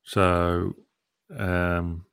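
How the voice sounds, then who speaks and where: Brief: young male football podcast host, playful, rambling, low-pitched. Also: completely flat delivery, drawn-out words, vocal fry, a bit bright, clean tone. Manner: chatty, hesitant with many ums, playful. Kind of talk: casual chat and interview hosting.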